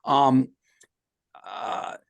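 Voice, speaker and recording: Chatty male podcast host on a video call. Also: no room sound. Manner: chatty, rambling, quick to laugh. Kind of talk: casual interview chat.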